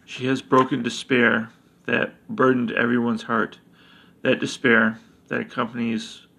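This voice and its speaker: A man voicing a wise, compassionate village mother with a prophetic way of speaking, in a solemn, measured reading. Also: medium pitch, creaky, a bit bright, breathy edge, exaggerated voice. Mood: gentle.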